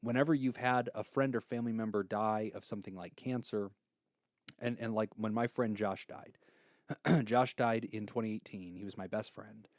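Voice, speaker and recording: A man's voice: lowish voice, fairly even intonation, normal speed, no echo, clean studio sound. A man in his thirties hosting an advice podcast, telling stories and giving counsel in an earnest, heartfelt way.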